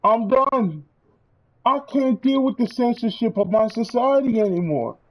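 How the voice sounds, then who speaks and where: A man's voice: very high voice, expressive, measured pace, muffled recording. A man streaming, delivering a heated, profane rant to his viewers. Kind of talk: angry rant.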